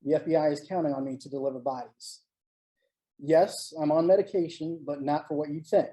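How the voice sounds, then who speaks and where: An author giving a live online reading of a first-person short story, in a steady, measured storytelling manner. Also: mid-range voice, poor audio. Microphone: home mic on a live online stream.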